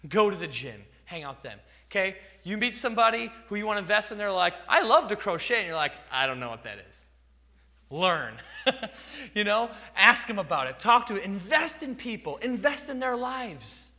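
A man's voice: high-pitched, sing-song, normal speed, bright, forceful tone, in a large hall. A man preaching a sermon, acting out little dialogues and chuckling now and then. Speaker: pastor.

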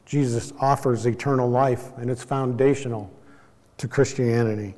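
A man's voice: medium pitch, steady tone, a little mellow. Man teaching a sermon in a hall. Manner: measured, explanatory, with small self-corrections. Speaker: Bible teacher.

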